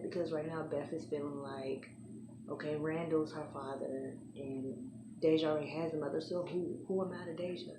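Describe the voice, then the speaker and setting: A woman's voice: deep voice, steady tone, moderate pace. A woman casually recapping and reviewing a TV episode, chatty and acting out the characters' lines as she retells scenes. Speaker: TV show reviewer. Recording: echoey room with background noise.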